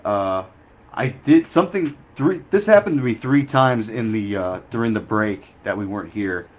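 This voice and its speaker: A man's voice: on the low side, lively intonation, normal speed. A man co-hosting a podcast, telling rambling anecdotes in casual chat and laughing often. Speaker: podcast co-host.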